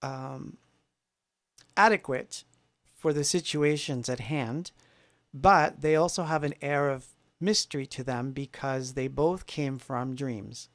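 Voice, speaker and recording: A man's voice: medium pitch, takes it slowly, dry recording. A man hosting a livestream from his home music studio, telling a rambling story in a casual, self-deprecating way with many fillers.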